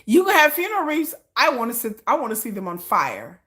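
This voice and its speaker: Brash, high, bright-voiced woman ranting. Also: fairly quick. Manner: animated and brash, acts out her own comebacks with big pitch jumps, curses freely. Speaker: content creator hosting a live stream. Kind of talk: casual ranting chat to viewers.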